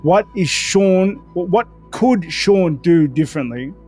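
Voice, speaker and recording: A man's voice: sits high, animated, unhurried, a little mellow, soft background music. A man giving a casual fight prediction, persuasive and checking in with his listener.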